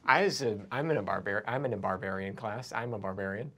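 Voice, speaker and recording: A man's voice: fairly low pitch, quick pace, fairly bright tone. A man voicing a shy, awkward teenage barbarian boy in a tabletop game, stammering and apologetic.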